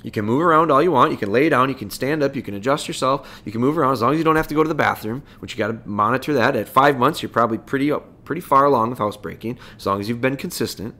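A man's voice: medium pitch, very fast, few pauses, sharp tone. A man hosting a podcast, giving casual dog training advice in a folksy way, full of rhetorical questions.

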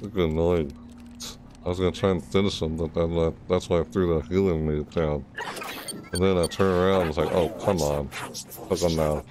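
A man's voice: deep voice, a little fast, noisy background. A man streaming a shooter game, talking to himself in casual commentary with frequent startled yelps and groans. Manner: excitable, yelps and self-talk.

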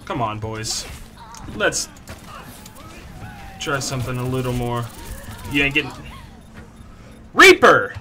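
A young man commentating his own competitive match, swinging between low muttering and frustrated yelling, his voice strained from shouting. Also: a little slow, pauses often, over music. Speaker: gaming YouTuber. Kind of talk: live gameplay commentary.

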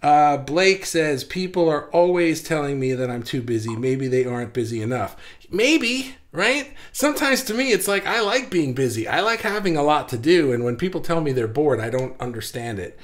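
A man in his thirties chatting live to his viewers, his voice sitting a little high for a man. He talks fast and keenly, tripping over fillers and restarts. He sounds a bit out of breath from his own excitement. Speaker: livestream host. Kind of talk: casual livestream chat.

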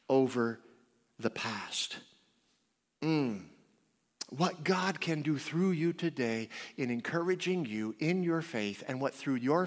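Animated male preacher in a reverberant church. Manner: animated storytelling with big swings in pitch and volume. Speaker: guest preacher. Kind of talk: sermon. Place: church sanctuary.

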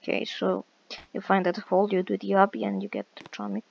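A woman's voice: medium pitch, big pitch swings, fairly quick, gravelly, husky, highs cut off. A woman giving casual, hesitant gameplay commentary with many fillers while walking through a game. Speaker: game walkthrough creator.

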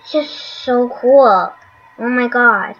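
A woman casually commenting on her gameplay, excitable and gushing. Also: on the high side, extremely slow, lo-fi sound, slight background noise. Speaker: gaming channel host.

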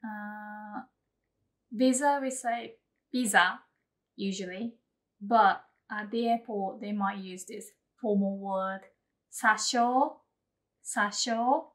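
A woman teaching a casual spoken lesson. She chats with fillers and laughs, and says example phrases slowly and clearly before repeating them. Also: medium pitch, fairly bright tone. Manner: chatty, laughs, many fillers like "um" and "you know". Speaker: language teacher.

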